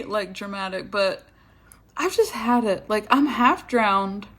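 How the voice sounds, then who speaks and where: A woman's voice: medium pitch, a bit bright. A young woman telling a story casually, chatty and dramatic. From Georgia, USA. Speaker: vlogger.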